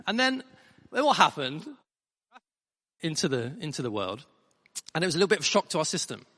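A middle-aged man preaches from the front of a church, telling stories with lively, emphatic repetition. His voice sits a little high and sounds bright and forceful. A long hall reverb trails after his words. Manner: animated storytelling with emphatic repeats. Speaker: pastor. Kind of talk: sermon.

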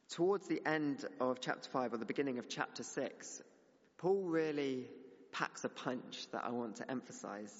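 A young man delivers a sermon in an earnest, steadily building voice. His words ring out with a long reverb through a church hall, and the recording itself is slightly dull and muffled. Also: medium pitch. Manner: earnest, building to emphatic exhortation. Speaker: preacher.

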